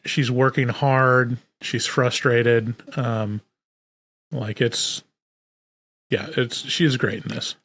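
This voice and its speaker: A man co-hosting a podcast, thinking aloud in a relaxed, casual chat about movies. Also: medium pitch, slow, breathy edge, dry recording. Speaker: podcast co-host.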